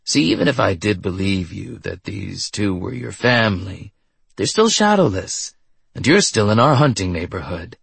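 A man's voice: on the low side, sing-song, normal speed, gravelly, fairly bright tone, husky, no echo, full character voice. A man voicing a scarred, mocking male exterminator who threatens people in a gritty storybook. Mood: menacing. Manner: sneering, menacing.

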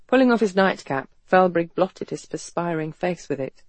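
Measured audiobook narrator, dry sound. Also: mid-range voice, lively intonation, no echo.

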